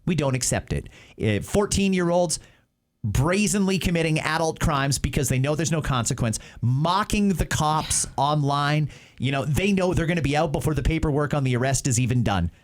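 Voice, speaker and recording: A man's voice: on the high side, lively intonation, normal speed. A man from Canada hosting a talk show, giving passionate, emphatic political commentary. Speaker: show host. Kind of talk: opinionated talk show discussion.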